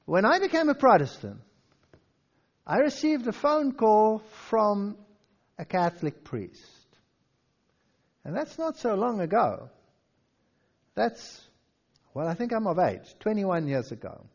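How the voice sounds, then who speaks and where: A man giving a lively history lecture, telling stories and reading old quotations aloud with dramatic flair. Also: high-pitched, slow pace, long pauses, highs cut off.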